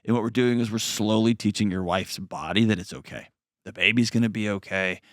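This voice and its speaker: A man hosting an advice call-in show, talking in an earnest, conversational way and gently reassuring a caller. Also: lowish voice, a little fast, no room sound, studio quality.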